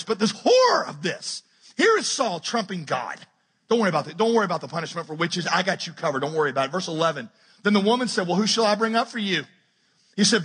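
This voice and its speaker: A man preaching a sermon as pastor, joking and acting out Bible characters in quick asides. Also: high voice, sharp tone, husky. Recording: preached in a large hall with long reverb.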